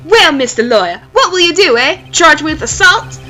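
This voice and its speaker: A smug, scheming company boss, put on by a woman reading a game aloud, lords it over everyone with grandiose, theatrical sneers. The voice swings widely and rings bright and forceful. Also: high voice, expressive, normal speed, faint music behind, voice pushed up. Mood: gloating.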